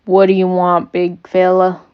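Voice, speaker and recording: A woman's voice: fairly low pitch, monotone, a little slow, clear, resonant tone, highs cut off, lightly acted. A woman playing an easygoing town shop owner who talks in a chatty, offhand way, eager to please. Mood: obliging.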